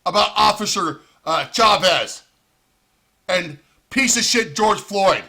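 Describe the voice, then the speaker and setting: A man's voice: high voice, animated, slow, creaky, sharp tone. A man ranting in profane, heated commentary with sarcastic outbursts. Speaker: vlogger.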